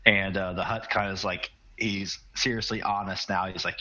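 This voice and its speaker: A man's voice: sits low, fairly even intonation, moderate pace, sharp tone, highs cut off. A man narrating a tabletop role-playing game as game master, in a casual, hesitant way.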